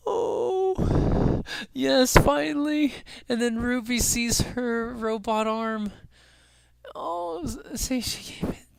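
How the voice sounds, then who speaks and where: Brief: excitable male fan commentator, slow and smooth-voiced. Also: extremely high pitch, dry recording. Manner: emotional, gasping and laughing often.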